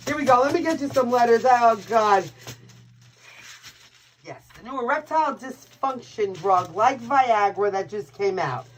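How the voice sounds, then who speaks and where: Her voice sits on the high side with lively intonation and a measured pace, over a low-quality recording with a little hiss or hum. She's a Brooklyn native with a Brooklyn accent, chatting her way through a casual live-stream tarot reading, brash, swearing, and laughing at her own jokes.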